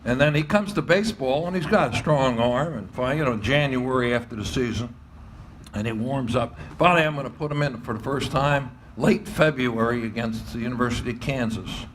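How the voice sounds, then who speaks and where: An older man, a former baseball coach telling animated stories and often laughing as he acts out quoted voices. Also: medium pitch, a little fast, a little hiss or hum. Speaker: retired baseball coach and athletic director. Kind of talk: storytelling interview.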